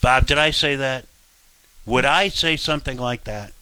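Blunt, rambling talk radio host. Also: male voice, mid-range voice, normal speed, pushed and bright, clean tone, no room sound.

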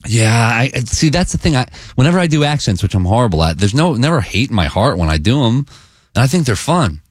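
A man's voice: mid-range voice, big pitch swings, fast talker, husky, no echo, studio quality. A man co-hosting a sports radio show, chatting in an easygoing, joking way with some stammered restarts. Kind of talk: casual sports radio talk.

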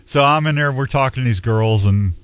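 Speaking fairly quickly in a mid-range voice, a radio host in his sixties spins rambling, folksy tales. He often starts over, and his casual on-air chat is broken up by announcements.

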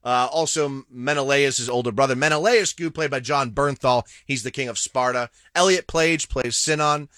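A man co-hosts a casual movie podcast, running down a cast list with offhand jokes. His voice is bright and forward, and it sits dry and close to the mic. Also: mid-range voice, moderate pace, hardly any pauses, dry recording. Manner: reads cast list, jokey asides. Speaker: podcast co-host. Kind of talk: casual movie review chat.

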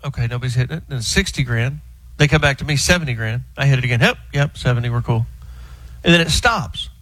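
Lively man telling a car story. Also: medium pitch, quick pace, no room sound, rough recording. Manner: animated storyteller, drawling and joking. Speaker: car show regular calling in. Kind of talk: casual radio chat by phone. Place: house with sleeping roommates.

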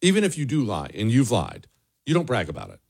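A man runs his solo commentary show in a blunt, sarcastic tone. His pitch swings widely as he presses a point. He often repeats himself for emphasis. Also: huge pitch swings, quick pace, gravelly, darkish tone, husky. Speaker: political commentary host.

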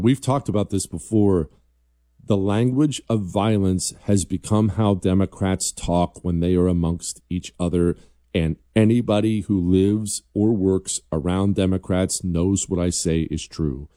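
A man's voice: on the low side, warm tone, dry recording, clean studio sound. A man hosting a political commentary show, talking in a combative, emphatic way and reading viewer emails. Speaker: host.

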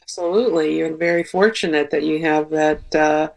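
A woman's voice: deep voice, fairly even intonation, normal speed, creaky, a little mellow. A woman speaking as a guest on a call-in radio show, thoughtful and reassuring. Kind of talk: talk radio conversation.

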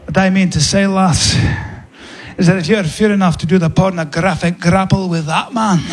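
A man voicing a bold Scottish nobleman with a Scottish accent, booming out drawn-out proclamations. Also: background noise, full character voice. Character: bold Scottish nobleman in a kilt, grandly theatrical.

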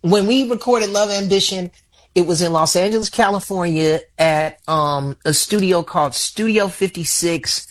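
A man in his forties from Chicago, a singer talking casually in an interview, animated and often restarting his sentences. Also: sits high, normal speed. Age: 40s. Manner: animated, repeats words when starting sentences. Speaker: singer guest.

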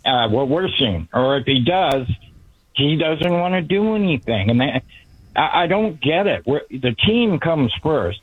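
Frustrated man calling in over a thin phone line, slightly higher voice. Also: breathy edge, no room sound. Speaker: caller. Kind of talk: call-in radio talk.

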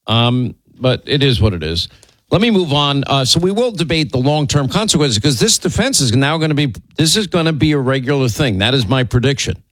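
A man hosting a political commentary show, talking in a sardonic, rambling way with quick asides. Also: mid-range voice, big pitch swings, fairly bright tone, no echo. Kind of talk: casual opinion commentary.

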